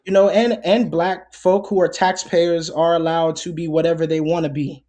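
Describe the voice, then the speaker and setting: Male guest, high voice, loose rambling delivery full of fillers. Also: fairly even intonation, normal speed, darkish tone. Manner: rambling, heavy on fillers and restarts. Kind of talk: casual conversation.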